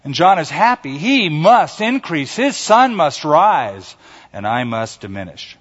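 A man preaching a sermon as pastor, acting out quoted voices and leading the congregation in repeating lines. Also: fairly high pitch. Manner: animated preaching, acts out quotes and calls for congregation response. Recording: dull sound with long hall reverb.

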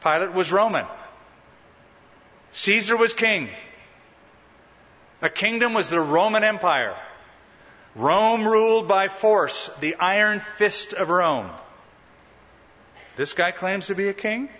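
A man's voice: sits high, expressive, takes it slowly, long pauses, bright, forceful tone. A pastor preaching an expository sermon with emphatic, dramatic rises and drops in his voice. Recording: dull sound in a large reverberant hall.

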